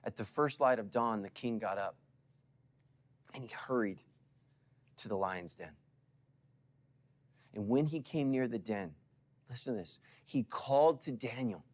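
Male pastor, middle-aged, mid-range voice; dynamic live sermon with loud peaks and quiet asides. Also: mid-range voice, unhurried, long pauses. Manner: dramatic swings from loud calls to hushed asides; preaching to a live congregation with call-and-response.

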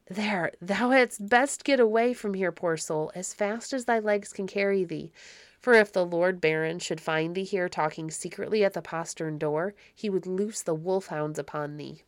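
A woman's voice: fairly low pitch, normal speed, no room sound, studio quality, close to an everyday voice. A woman reading as a frightened servant girl. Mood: fearful. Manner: hushed, nervous.

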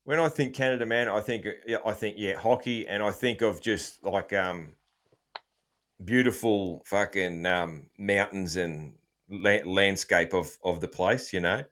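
Australian male host, lowish voice, loose and rambling, swears. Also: a little slow, fairly bright tone. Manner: rambling, swears freely, many ums and restarts. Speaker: podcast host. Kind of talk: casual chat.

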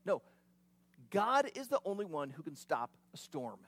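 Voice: mid-range voice, very animated, measured pace, dry recording. A preacher giving an expository sermon, retelling the scene in a vivid, conversational way with casual asides.

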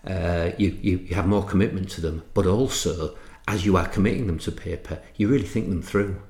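A middle-aged man from England, an entrepreneur and author, telling anecdotes in a podcast interview, halting with restarts and fillers. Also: deep voice, a little mellow, roomy sound.

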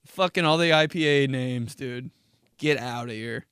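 Clean studio audio with no room sound captures a young man hosting a podcast, his voice medium-pitched, smooth and unhurried. He spins profane, animated stories in a casual comedic monologue, laughing often.

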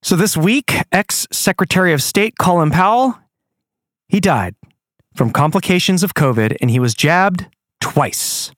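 A man's voice: high-pitched, unhurried, no room sound, clean studio sound. A man hosting his own show, ranting angrily with plenty of swearing. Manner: angry, profane, animated. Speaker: podcast host. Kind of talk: ranting monologue.

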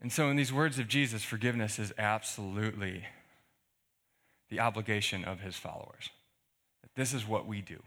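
A man's voice: fairly low pitch, normal speed, long pauses. A male pastor giving a conversational sermon, reading scripture and explaining it with rhetorical questions. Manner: conversational, animated preaching with fillers and rhetorical questions.

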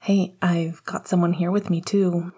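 A woman voicing a shy, tender young man who speaks softly and hesitantly. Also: fairly low pitch, level tone, a little slow, breathy edge. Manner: soft, hesitant, murmured. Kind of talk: audiobook character voice.

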